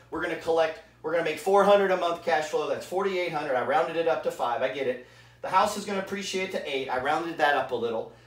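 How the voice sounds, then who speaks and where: A real estate investor with a slightly high, somewhat bright voice bluntly explains money math, working through rough numbers aloud and rounding as he goes. He sounds a bit out of breath and informal, recorded away from the mic in an echoey room.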